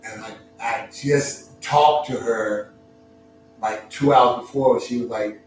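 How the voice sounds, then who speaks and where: A middle-aged man opens up in an emotional, reflective personal story, halting and restarting as he searches for words. His voice sounds distant from the mic and rings around a very echoey room, with clear music playing behind him. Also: medium pitch, fairly even intonation.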